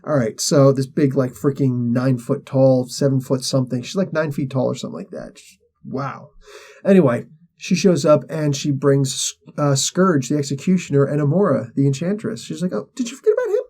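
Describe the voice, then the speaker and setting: A man's voice: mid-range voice, normal speed, warm tone, slightly rough. A man hosting a show, casually retelling a comic story in a slangy, rambling way, acting out the characters' lines. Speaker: host.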